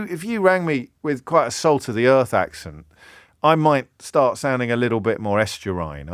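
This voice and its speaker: A man's voice: medium pitch, dry recording, clean studio sound. A middle-aged English man hosting a radio phone-in, talking reflectively with frequent restarts and building into impassioned questions. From England. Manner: conversational, many restarts, rising to impassioned questions.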